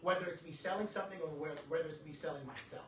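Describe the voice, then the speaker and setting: Animated joking male speaker, echoey room. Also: on the high side, racing. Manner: animated, joking, preacher-like delivery. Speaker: motivational speaker. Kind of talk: live talk to an audience. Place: event room with audience. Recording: echoey room from far off, some noise.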